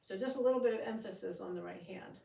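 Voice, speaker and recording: A woman's voice: medium pitch, fast talker, gravelly, mellow, recorded from a distance. A woman teaching a drum part, explaining each section and chanting the drum syllables and counts aloud. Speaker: drumming instructor. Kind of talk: step-by-step music lesson. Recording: echoey room, voice off-mic.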